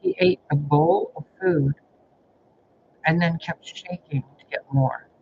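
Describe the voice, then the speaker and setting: Taking it slowly, a man with a fairly high voice swears his way through rambling, exasperated stories about his own life. He is a spiritual reader speaking in a casual vlog, and the dull lo-fi recording carries a faint hiss.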